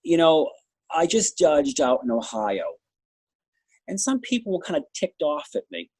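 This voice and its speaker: Blunt New England man, husky voice. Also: a little high, big pitch swings, darkish tone, no echo. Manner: blunt, talks fast in bursts, trails off. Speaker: dog show judge. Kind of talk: interview answer, candid anecdotes.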